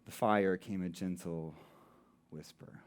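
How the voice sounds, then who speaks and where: A married man who preaches as a pastor, posing rhetorical questions and slowing down for emphasis. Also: lowish voice, a little mellow. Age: adult, married. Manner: rhetorical questions, dramatic slowing on key words. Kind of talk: sermon.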